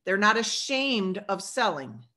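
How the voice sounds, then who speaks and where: Speaking in a mid-range voice at an unhurried pace, a woman delivers an energetic, preachy motivational talk on sales to her team. She acts out sales dialogue along the way.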